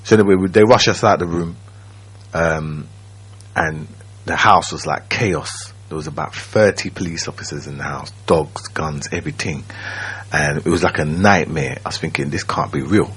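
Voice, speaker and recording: A man, telling his own story as a radio guest in a slow, reflective way, often checking that the listener follows. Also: very deep voice, fairly bright tone, husky. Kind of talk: personal storytelling. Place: radio studio.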